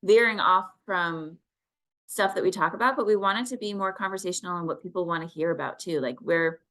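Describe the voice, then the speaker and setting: A woman co-host chats on a podcast in an encouraging, coach-like way. Her voice sits on the lower side yet sounds bright and forward, and her manner stays upbeat. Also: brisk. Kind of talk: casual chat.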